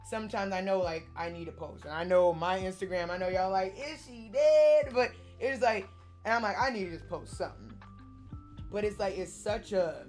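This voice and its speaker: A young adult woman streamer in casual chat with her viewers, rambling and animated, swearing freely. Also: lowish voice.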